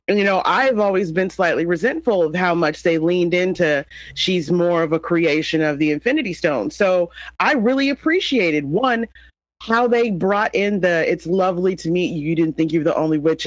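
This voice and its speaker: Male podcast co-host, high and animated, chatty and teasing. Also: dry recording, low-quality recording. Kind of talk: casual podcast chat.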